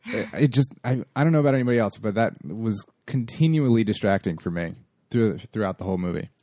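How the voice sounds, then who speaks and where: A man's voice: fairly low pitch, expressive, quick pace, mellow, no room sound, clean studio sound. A man co-hosting a casual movie podcast, rambling with restarts, swearing and laughing easily. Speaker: podcast co-host.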